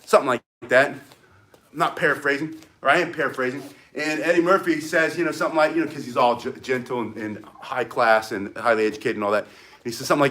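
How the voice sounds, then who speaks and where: A man's voice: mid-range voice, fast talker, fairly bright tone. A man teaching walking stick self-defense on a live stream, talking in a loose, rambling way and greeting viewers between moves. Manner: rambling, chatty, greets viewers mid-demonstration. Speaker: martial arts instructor.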